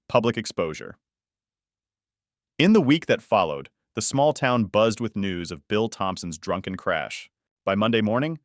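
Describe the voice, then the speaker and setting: Dude reading a dark drama story, lowish voice, really dry close sound. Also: male voice, no room sound. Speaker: story narrator. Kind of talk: scripted story narration.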